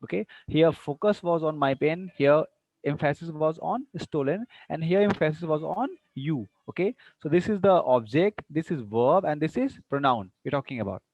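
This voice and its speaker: A man's voice: fairly high pitch, expressive, moderate pace, darkish tone, no room sound, low-quality recording. A man teaching an online class, repeating example sentences and often checking that students follow. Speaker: English teacher.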